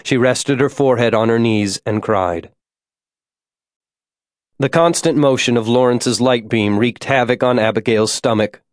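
Measured male audiobook narrator. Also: medium pitch, no echo, clean studio sound. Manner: measured, tense storytelling. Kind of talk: scripted narration.

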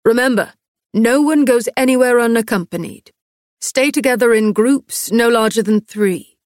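A woman's voice: on the high side, normal speed, no echo, studio quality, lightly acted. A woman voicing a commanding young man who leads a travelling group, speaking in firm, clipped orders. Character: commanding young male leader, steady and protective.

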